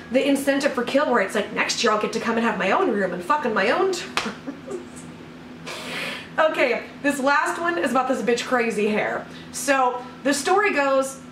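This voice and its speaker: A woman's voice: on the high side, fairly bright tone, roomy sound, distant mic, slight background noise, poor audio. A woman hosting, giving gossipy casual commentary before playing a clip. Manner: chatty and gossipy. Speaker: host introducing clips.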